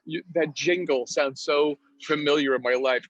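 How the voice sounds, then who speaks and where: New York comedian telling prank stories. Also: male voice, on the high side, steady tone, moderate pace, no echo, dull audio. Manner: acts out prank calls in put-on voices, laughs often. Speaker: comedian guest. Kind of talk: casual podcast interview, storytelling.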